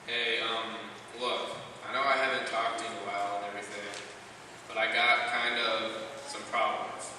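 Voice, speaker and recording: An awkward slacker teen , played by a man, mumbles his wishes in a fairly low voice, with plenty of ums and likes. He is heard from a distance in a long, echoing church hall. Noise can be heard behind him. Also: level tone, moderate pace, close to an everyday voice. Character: slacker teen boy, awkward and self-serving. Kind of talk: church youth skit. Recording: echoey church hall, distant mic, noisy.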